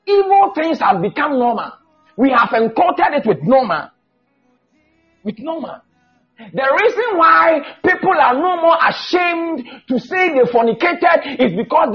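A man preaching a fiery sermon, shouting and drawing out emphatic Bible quotes. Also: very high voice. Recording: dull lo-fi church recording with faint music.

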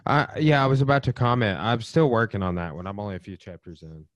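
A man hosting a casual podcast chat with a friend, relaxed and friendly, his sentences trailing off. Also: lowish voice, fast talker, no room sound, highs cut off. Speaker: podcast host.

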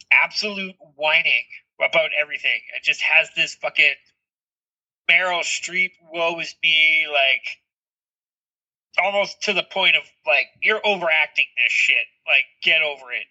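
A man in his thirties telling animated parenting stories in casual chat, swearing freely. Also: on the high side. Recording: dull lo-fi recording.

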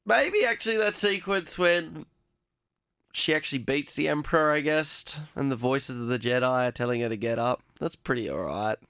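Young man, rambling film podcast co-host, gravelly fry, dead dry sound. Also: medium pitch, moderate pace, fairly bright tone, dry recording. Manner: rambling retelling with filler "like". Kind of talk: casual film review chat.

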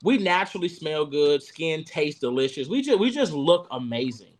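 Young man panelist, high lively voice, swearing freely as he riffs and backtracks. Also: moderate pace. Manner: profane, animated riffing with many restarts. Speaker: podcast panelist. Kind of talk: casual chat.

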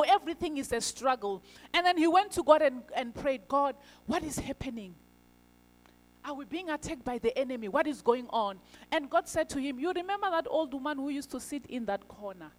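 A woman preaching a sermon in a church, telling stories with fillers and rhetorical questions. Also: high voice. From South Africa. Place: church hall. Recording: church service recording with reverb and faint music.

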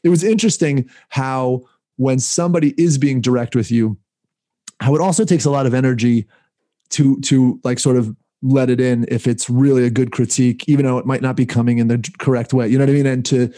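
A man from Israel chats casually, his voice mellow and dark. He wanders through his story with fillers and restarts. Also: medium pitch, steady tone, brisk. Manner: rambling, many restarts and fillers.

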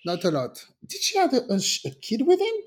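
A woman's voice: brisk, husky. A woman casually telling a personal story on a podcast, acting out the people in it with big swings in her voice and swearing freely. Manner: animated, acts out quoted voices with big pitch jumps, swears freely.

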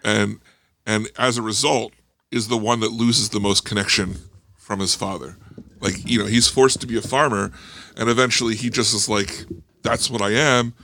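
A man's voice: lowish voice, fairly even intonation, normal speed, bright, forceful tone. A man chatting casually about a movie on a podcast, enthusiastic and full of fillers. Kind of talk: casual movie review chat.

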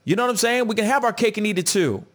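A man co-hosting a casual commentary chat, talking in an animated way and repeating himself as he swings between loud and soft. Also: high-pitched, very fast. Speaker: co-host.

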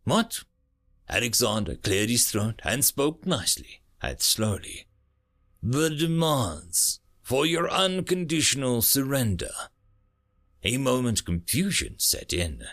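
A man narrating a science fiction short story as an audiobook reader, reading expressively. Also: gravelly. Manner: expressive reading with lively pitch.

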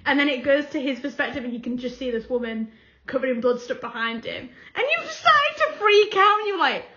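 A woman's voice: sits high, sing-song, brisk, pushed and bright, lo-fi sound. A young woman co-hosting a podcast, telling stories in casual chat and acting out quotes with frequent laughter. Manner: chatty storytelling, acts out quotes, laughs often. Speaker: podcast co-host.

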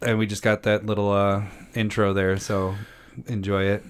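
A man's voice: on the low side, level tone, normal speed, smooth. A man co-hosting a casual card-game chat, teasing his partner and laughing often. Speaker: podcast co-host.

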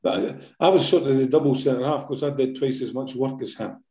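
A man's voice: medium pitch, brisk, dark tone, echoey room. An older man with a Scottish accent, a former footballer telling stories in a casual interview, full of fillers and tag questions.

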